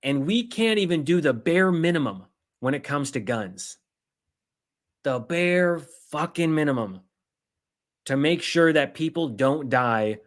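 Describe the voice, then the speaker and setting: A man hosting a political livestream, ranting heatedly with swearing and sarcastic mimicry. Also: fairly high pitch. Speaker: political commentary host. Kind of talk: angry livestream rant.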